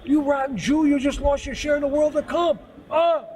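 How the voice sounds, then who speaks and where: A man acting out an outraged stranger who yells indignantly while telling a story. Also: very high-pitched, steady tone, moderate pace, voice pushed up. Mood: enraged. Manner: yelling, indignant. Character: furious man shouting in outrage.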